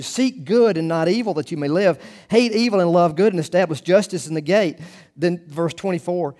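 A middle-aged male pastor delivers an earnest sermon in a high-pitched voice. He climbs to emphatic quotations, then drops into hushed asides.

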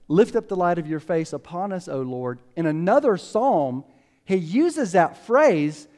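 A pastor giving a conversational sermon, telling stories and acting out quotes with lively ups and downs. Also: male voice, sits high. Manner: conversational, animated storytelling with acted quotes.

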